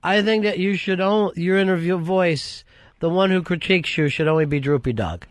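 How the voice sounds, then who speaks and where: A male talk radio host pushes and needles in a blunt, profane way. His voice sits a little high for a man. The sound is dry and close into a studio mic. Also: normal speed, dry recording. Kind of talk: casual talk radio chat.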